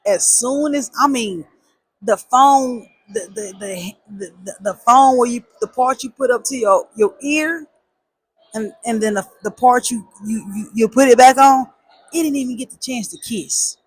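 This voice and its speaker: A woman spins a personal story with emphatic repeats and slang. Her voice sits high for her, with a husky edge. It sounds close and dry, with no room around it. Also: unhurried, no echo. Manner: animated, emphatic repetition, slangy.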